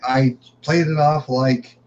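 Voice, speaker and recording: A man's voice: mid-range voice, fairly even intonation, a little slow, a little mellow, highs cut off. A man, a podcast guest, earnestly telling a personal story in conversation and often repeating his words as he goes.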